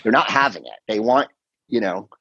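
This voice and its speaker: Husky middle-aged man telling rambling stories. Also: lowish voice, normal speed, no room sound, muffled recording. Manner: rambling, animated storytelling with quoted voices and swearing. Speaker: comedian and podcast host. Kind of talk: casual chat.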